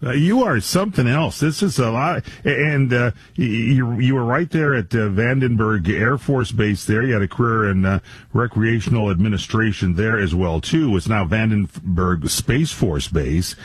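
A man's voice: lowish voice, moderate pace, slightly rough, no room sound. A man hosting a national radio talk show, enthusiastic and rambling, with many fillers. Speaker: radio host.

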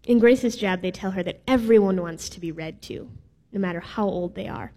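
A woman's voice: medium pitch, moderate pace, warm tone. A woman preaching a sermon in a casual, playful way with some filler words. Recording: reverberant hall.

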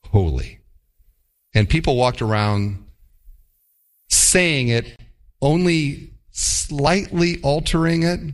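Animated male pastor preaching, lively pitch. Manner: animated, mock-quoting with playful asides. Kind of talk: sermon.

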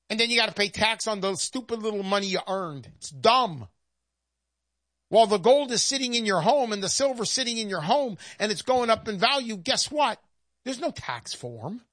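Woman, sales pitch, emphatic and sarcastic, animated pitch, dry close sound. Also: no room sound. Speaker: presenter pitching gold investment. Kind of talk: persuasive sales monologue.

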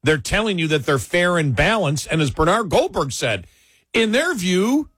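A man co-hosting a talk radio show, telling stories in casual political chat with quick asides and restarts. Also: high-pitched, slightly rough, no echo, clean studio sound. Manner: animated storytelling, quick asides, frequent restarts.

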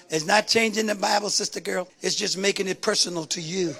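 A woman's voice: lowish voice, a little fast, few pauses, a bit bright. A woman preacher delivering a sermon in a rhythmic call-and-response style, building to rising exclamations.

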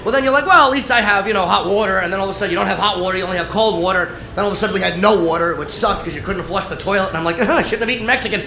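A man's voice: sits high, rapid-fire, creaky, hardly any pauses, roomy sound, noisy background. A man doing stand-up comedy with wry storytelling.

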